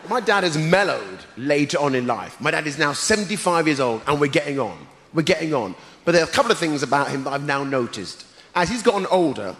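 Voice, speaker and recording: A man hosting a live stand-up show, with a punchy, theatrical delivery and shouted greetings to the crowd. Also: on the high side. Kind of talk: stand-up comedy set. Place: large theatre stage before a live audience. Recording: roomy theatre reverb, loud audience noise.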